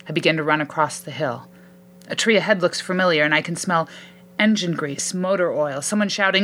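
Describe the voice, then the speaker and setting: Low-voiced woman reading a tense story. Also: fairly quick, fairly bright tone. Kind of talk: first-person story reading.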